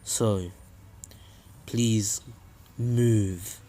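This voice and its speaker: A man's voice: steady tone, warm tone, slight background noise. A young man putting on a grave, cold ninja leader. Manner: low, slow and grave.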